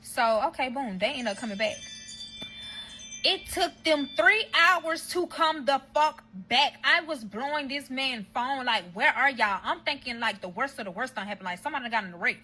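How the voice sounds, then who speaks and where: A woman with a husky, bright voice sitting slightly high for a woman, telling her viewers a story time in a heated, profanity-laden rush. She speaks straight to the audience, casual and fired up. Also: lively intonation, normal speed, faint music behind.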